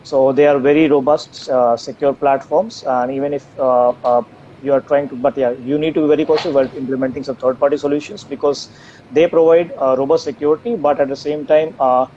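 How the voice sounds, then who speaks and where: A man answering live questions about his company's technology, hesitating often with fillers and restarts. His voice is mellow and warm. The audio is dull and lo-fi, over a video call with a faint hiss behind it. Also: medium pitch, fairly even intonation, a little fast. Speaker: AI company co-founder guest.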